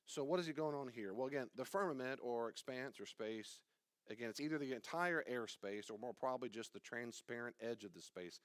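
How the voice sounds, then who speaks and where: A man's voice: mid-range voice, brisk, a bit bright, dry recording. A man teaching a Bible study in a conversational, digressive way, often quizzing his listeners. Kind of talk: informal teaching.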